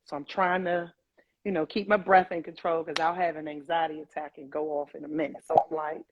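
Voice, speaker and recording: A woman, a mother of older children, recounting a painful family memory in an emotional, vivid way, acting out the dialogue with halting restarts. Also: sits low, flat delivery, noisy background. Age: adult, mother of older kids. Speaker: guest telling her story. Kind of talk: emotional personal storytelling. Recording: dull, slightly muffled dry sound.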